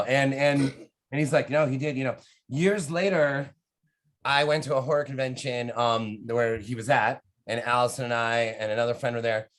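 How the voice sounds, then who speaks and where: A man's voice: medium pitch, steady tone, moderate pace, fairly bright tone. A man from the United States chats casually as a podcast guest. His talk is loose and rambling, full of fillers, swearing and sudden bursts of energy. He sits in the middle of the male range. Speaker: horror author guest.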